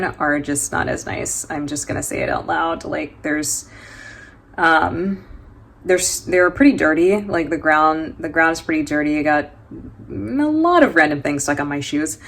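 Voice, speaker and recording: A woman's voice: low-pitched, fairly bright tone. A woman from New York with an American accent, chatting casually in a travel vlog, joking and laughing often with plenty of fillers. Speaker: travel vlogger.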